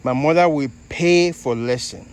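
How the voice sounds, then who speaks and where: A man from Nigeria with a Nigerian accent, hosting a casual garden vlog in an unhurried, halting way. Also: on the high side, smooth, poor audio. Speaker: fig grower and channel host.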